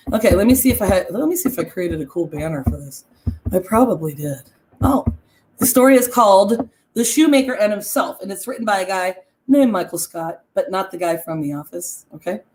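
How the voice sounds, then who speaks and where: A woman's voice: fairly high pitch, darkish tone. A woman hosting a casual livestream, reading a folk story aloud and breaking off with self-deprecating asides to her viewers. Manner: reads aloud with frequent off-script comments. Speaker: host.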